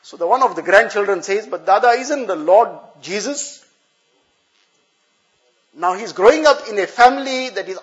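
Man preaching, fairly high voice, earnest, keeps repeating phrases to hammer points, muffled lo-fi sound. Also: a bit bright. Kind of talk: sermon.

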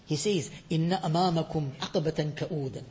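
High-voiced fervent male preacher. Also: rapid-fire. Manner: swings from loud fervent peaks to quiet storytelling; mixes Arabic quotations into English. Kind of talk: sermon.

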